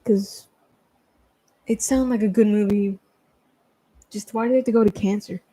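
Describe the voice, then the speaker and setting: A man talks on a livestream in a loose, rambling way, stopping and restarting his sentences and dropping in casual swear words. His voice is warm and mellow, often sinking to a near-mumble at the ends of thoughts, recorded dry and close. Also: high voice, steady tone, normal speed, no echo. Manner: rambling and hesitant, many fillers and restarts.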